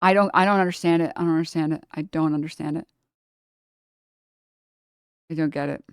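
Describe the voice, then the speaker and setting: Young woman streamer, casual animated rant, close dry mic. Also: deep voice, smooth, no echo. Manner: animated ranting, swearing, quick asides. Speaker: livestream host. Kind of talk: casual chat.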